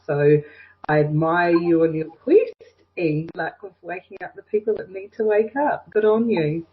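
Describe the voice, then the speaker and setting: A woman's voice: lowish voice, measured pace. A woman giving an intuitive reading over a video call, effusive and encouraging, heaping praise on the caller. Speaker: intuitive reader. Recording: muffled lo-fi video call audio.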